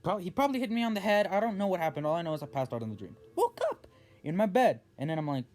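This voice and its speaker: A young man telling a story on his vlog in a casual, rambling way, full of restarts and animated outbursts. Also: high-pitched, very fast. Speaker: vlogger.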